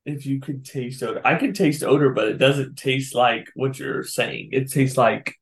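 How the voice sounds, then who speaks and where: A man's voice: mid-range voice, moderate pace. A man co-hosting a podcast, chatting casually in a laid-back way with dry comments. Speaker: podcast co-host. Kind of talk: casual chat.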